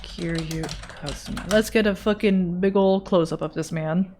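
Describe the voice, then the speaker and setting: A woman's voice: lowish voice, steady tone, normal speed, darkish tone. A woman from the Netherlands chatting casually with her live-stream audience while she draws, playful and joking, swearing freely.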